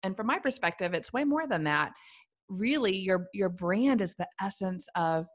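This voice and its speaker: A woman's voice: medium pitch, expressive, moderate pace. A woman guest in an interview, explaining her branding work in an earnest, thoughtful way, building her points in lists. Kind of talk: conversational interview answers.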